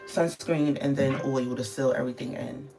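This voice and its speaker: A woman's voice: a bass voice, fairly even intonation, moderate pace, gravelly, music in the background. A woman from the Bronx, chatting casually on a livestream and answering viewers' comments, loose with fillers. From the Bronx, New York. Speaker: livestream host.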